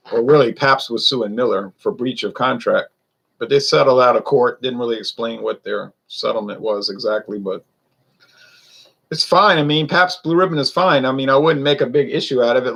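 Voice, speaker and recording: A Louisiana man rambles loosely through a casual beer review, chatty and wandering off topic. His medium-pitched voice has vocal fry and a fairly bright tone, and the recording quality is low.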